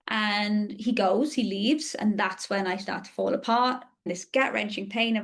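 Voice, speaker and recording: A woman's voice: medium pitch, fairly even intonation, normal speed, few pauses. A woman in her thirties, a podcast host telling a personal story in a candid, confessional and emotionally open way.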